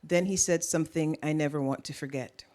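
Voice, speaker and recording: Author at a lectern: Jamaican-born woman, gently Caribbean accent, deliberate and measured delivery. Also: low voice, fairly even intonation. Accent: Caribbean, tempered by years in Canada. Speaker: author giving a keynote talk. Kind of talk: prepared lecture. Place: lecture hall at a public event.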